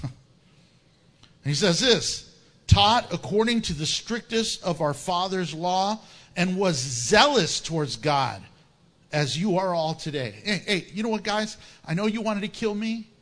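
A man's voice: high-pitched, unhurried. A man preaching a verse-by-verse sermon, acting out the people in the story and laughing often. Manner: animated, acts out voices of biblical figures, laughs often. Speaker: pastor. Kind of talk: sermon, verse-by-verse Bible teaching.

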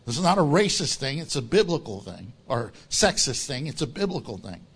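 A man preaching a sermon as pastor, animated and joking, often laughing as he teaches. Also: medium pitch, brisk, breathy edge.

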